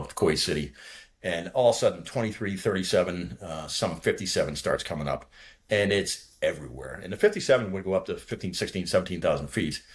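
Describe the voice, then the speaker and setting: Low, husky-voiced man in his sixties. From from near Boston, USA. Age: 60s. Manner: rambling, profane, talks fast when nervous. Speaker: guest, retired fighter pilot. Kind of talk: casual war story telling.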